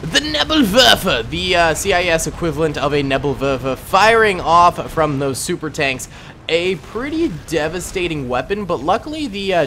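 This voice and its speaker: A man's voice: a little high, bright, forceful tone, slight background noise. A young man hosting a gaming channel, giving upbeat, chatty gameplay commentary and chuckling often.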